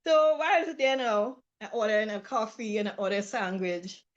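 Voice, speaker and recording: A woman's voice: mid-range voice, fairly quick, dull audio. A woman telling a travel story in casual talk, acting out the people she quotes. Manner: lively, acts out quoted voices, laughs often. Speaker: trip participant sharing a story.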